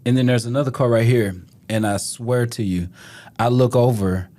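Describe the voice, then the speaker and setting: A man from Texas, in his thirties, recounts a strange police call in a relaxed podcast chat. His voice sits at an ordinary middle pitch, and he keeps laughing and acting out what people said. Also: moderate pace. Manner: animated storyteller, laughs often, acts out quotes. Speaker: police officer guest. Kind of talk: casual storytelling.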